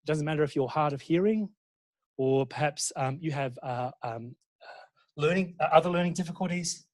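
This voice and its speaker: Giving a conference talk at normal speed, this Australian university lecturer has a fairly high-pitched voice. He's animated and checks in with the audience, and fillers and restarts come up often.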